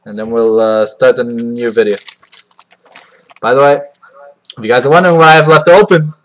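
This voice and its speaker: A man doing crude, excitable unboxing commentary into a cheap computer mic, swinging from loud yelps to low mumbling and mocking himself. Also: a little fast. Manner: crude, joking self-mockery. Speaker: card unboxing vlogger. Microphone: cheap computer mic that cuts out.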